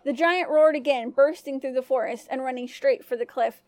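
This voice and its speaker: A woman storyteller giving scripted first-person narration of a folk tale in an even, clear manner. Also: high-pitched, normal speed, no room sound.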